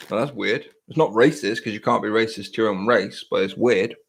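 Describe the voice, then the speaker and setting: A man's voice: on the low side, fairly quick, vocal fry, hardly any pauses, a little hiss or hum. A young English man in casual podcast chat, blunt, profane and rambling. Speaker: podcast host.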